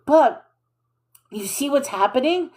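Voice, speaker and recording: A woman's voice: high voice, animated, slow pace, darkish tone. A woman reading scripture aloud and discussing it in a questioning, informal, think-aloud way. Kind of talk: casual bible reading and commentary.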